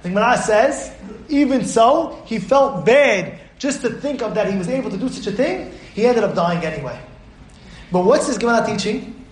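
A man's voice: sits high, lively intonation, normal speed. A man, a rabbi, giving an emphatic Torah class lecture, repeating his points and putting questions to his listeners. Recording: roomy echo.

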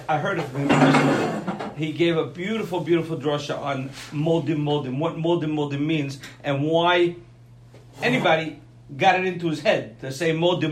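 A man's voice: on the high side, reverberant. A man teaching a conversational Torah class, often checking in with "okay?" and "right?".

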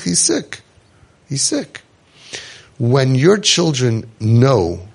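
With a medium-pitched, darkish voice, this inspirational speaker addresses an audience through stories. He jokes along the way and acts out whoever he's quoting.

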